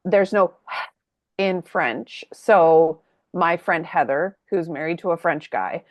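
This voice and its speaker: A woman from Canada co-hosting a casual podcast chat, animated, laughing often and acting out what people said. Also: lowish voice, slow pace, dry recording. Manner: animated, laughs often, acts out quoted voices. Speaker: podcast co-host.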